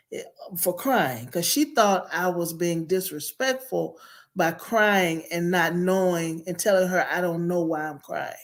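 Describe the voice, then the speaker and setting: A middle-aged woman guest telling her childhood story in an earnest, reflective way. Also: lowish voice. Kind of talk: personal storytelling.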